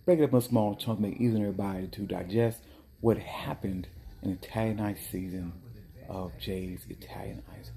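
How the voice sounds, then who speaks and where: Small-business owner, male, low mellow voice, lively casual storyteller. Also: brisk. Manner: animated, chatty storyteller with bursts of mock outrage. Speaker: dessert cart owner.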